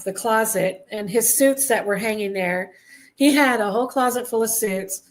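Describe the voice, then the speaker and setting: Candid woman guest, halting testimony. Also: medium pitch. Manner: candid, halting, frequent throat-clearing. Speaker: guest, Army veteran. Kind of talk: personal testimony in conversation.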